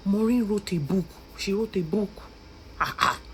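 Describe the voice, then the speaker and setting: Brief: young Nigerian Yoruba-accented woman, passionate commentator, mid pitch, faint hiss behind. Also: normal speed, low-quality recording. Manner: impassioned, switching between pleading and scolding. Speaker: social media commentator. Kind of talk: emotional vlog commentary.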